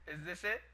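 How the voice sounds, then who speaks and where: A woman gamer chatting casually while she plays, gushing and excitable. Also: heavy background noise. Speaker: gamer streaming play. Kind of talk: casual live gameplay chat.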